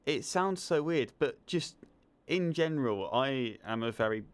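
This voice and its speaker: A man's voice: mid-range voice, unhurried. A young man with a Southern English accent, a film student chatting as an interview guest and telling stories with enthusiasm. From England. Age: young adult. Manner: enthusiastic, animated storyteller. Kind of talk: casual interview chat.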